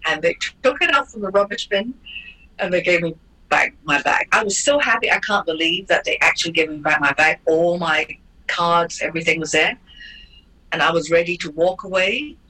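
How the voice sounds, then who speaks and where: Bright-voiced woman telling a story. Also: on the low side, moderate pace, poor audio. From Hong Kong. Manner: lively, acts out quoted voices, frequent restarts. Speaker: interview guest, former ballerina. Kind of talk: animated personal storytelling.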